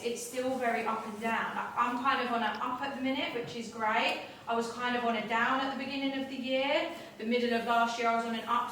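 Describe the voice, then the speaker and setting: A woman's voice: fairly high pitch, fairly bright tone, slight background noise. A woman who runs a marketing agency speaking candidly and encouragingly to an audience. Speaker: business owner speaking at an event. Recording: echoey room, speaker far from the mic.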